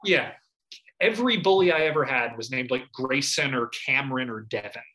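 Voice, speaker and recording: A man, chatting casually as a podcast co-host. He tells stories animatedly and breaks into shouted impressions of his younger self. His voice sits at a middling pitch. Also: normal speed. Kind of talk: casual chat.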